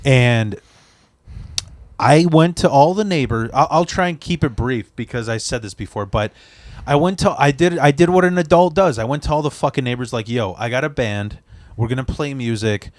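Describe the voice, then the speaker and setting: A man's voice: a little high, animated, moderate pace, no echo. Profane, rambling man telling a story. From Chicago area. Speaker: podcast host. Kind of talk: casual chat.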